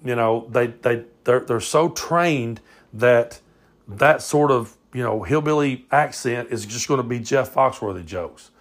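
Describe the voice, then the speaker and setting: A Southern American man hosts his own small podcast, talking straight into his phone in a loose, drawling ramble. His voice carries a gravelly fry, and he swears freely and casually as he goes. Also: mid-range voice, unhurried. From southern United States. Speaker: podcast host.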